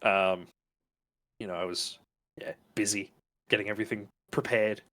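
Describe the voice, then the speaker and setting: A man's voice: fairly low pitch, fairly even intonation, moderate pace, bright, forceful tone. A man voicing a polite, rambling doctor who is hosting his guests. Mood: genial. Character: genial male doctor hosting a dinner, fussy explorer.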